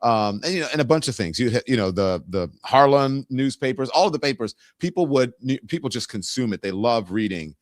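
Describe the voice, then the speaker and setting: A man's voice: medium pitch, expressive, fairly quick, hardly any pauses, no echo, clean studio sound. A middle-aged man from the Southern US hosting casual political commentary, rambling and conversational, with many restarts. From Southern United States. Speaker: host.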